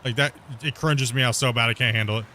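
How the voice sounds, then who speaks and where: A man's voice: medium pitch, fairly even intonation, quick pace, pushed and bright, slight background noise. A man chatting casually while streaming a game, rambling, repeating himself and laughing easily. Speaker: gaming streamer. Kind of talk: casual chat while playing.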